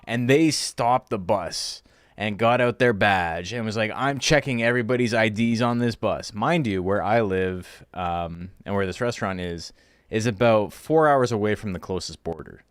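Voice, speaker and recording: A man's voice: lowish voice, unhurried, smooth, no echo, studio quality. A young man, a streamer chatting casually and telling rambling stories, swearing freely. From Canada. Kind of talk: casual stream chat and storytelling.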